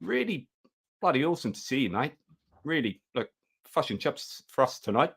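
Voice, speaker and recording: A man's voice: mid-range voice, very animated, normal speed, fairly bright tone, slightly rough, exaggerated voice. A man doing a jokey, exaggerated New Zealand accent as a laid-back, matey bloke full of slang. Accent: New Zealand, put on.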